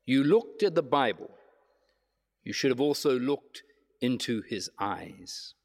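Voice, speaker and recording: A man's voice: mid-range voice, animated, slow pace, vocal fry, heavily acted. A man playing a stern reproachful prophet. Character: stern wise old male prophet. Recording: long hall reverb.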